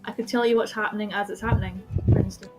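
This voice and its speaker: A woman's voice: mid-range voice, fairly even intonation, very fast, over music, poor audio. Chatty woman in an online game. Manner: chatty, easygoing, laughs softly. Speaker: player in a tabletop game. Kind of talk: casual chat over voice call.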